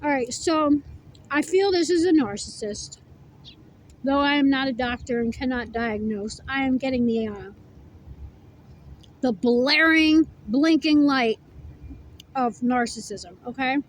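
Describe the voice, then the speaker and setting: A high-voiced woman gives a casual tarot reading to camera. She is blunt and profane, stressing her words, and she chews as she talks. A faint hum of background noise runs under her voice. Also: measured pace, long pauses, rough recording. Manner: blunt, profane, emphatic, chewing while talking. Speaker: tarot reader.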